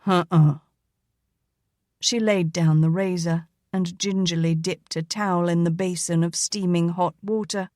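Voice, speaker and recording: A woman reading a romance novel aloud as an audiobook narrator, in an even, measured way. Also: lowish voice, no echo, studio quality. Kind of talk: scripted narration.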